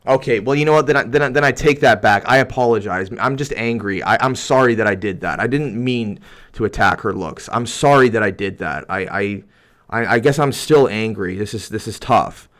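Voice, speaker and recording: A man's voice: fairly low pitch, a little fast, a bit bright. A young man hosting a livestream, reading viewer comments aloud in a heated, rambling rant full of restarts. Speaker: YouTuber reading chat.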